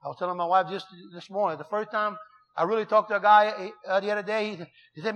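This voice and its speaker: A middle-aged man preaching a sermon in a folksy, emphatic way, reading scripture slowly and telling stories full of quoted dialogue. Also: high-pitched, steady tone, fairly bright tone.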